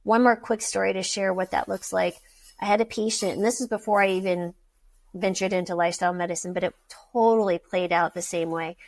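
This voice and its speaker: A woman physician telling patient stories in a casual podcast conversation, lively as she acts out quoted voices. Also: mid-range voice, brisk, dry recording. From United States. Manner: animated storyteller, acting out quoted patients. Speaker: physician guest.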